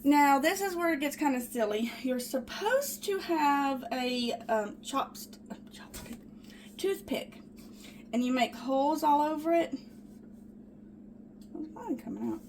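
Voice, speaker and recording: A faint hiss or hum sits under a woman's high-pitched, slightly slow voice. She chats to viewers as "guys" while baking in her small home kitchen, a cooking vlogger who gets excited easily in a casual demonstration.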